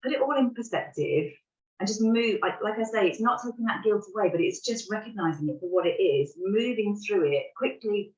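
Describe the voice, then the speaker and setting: A woman's voice: mid-range voice, expressive, brisk. A woman, candidly talking through a parenting moment and laughing at herself along the way. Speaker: parent sharing an example. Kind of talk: reflective conversational talk. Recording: roomy, distant, dull sound.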